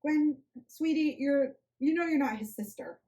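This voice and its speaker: A woman reading the lines of a caring older sister, gentle and reassuring. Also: fairly high pitch, steady tone, normal speed, natural voice.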